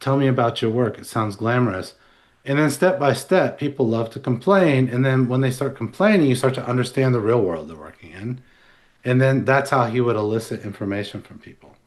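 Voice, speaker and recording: A man's voice: mid-range voice, animated, brisk, a little mellow. A man co-hosting a podcast, talking in a loose, rambling way with restarts and asides. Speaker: podcast co-host. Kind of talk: casual analytical chat.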